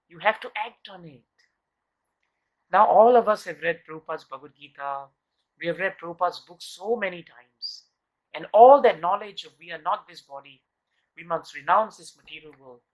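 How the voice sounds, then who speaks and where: A man leading a devotional scripture class in an earnest teaching tone. He keeps asking his listeners rhetorical questions and repeats words to drive his point home. When he tells a story, his pace slows and quickens, and his phrases often trail off. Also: high voice, low-quality recording.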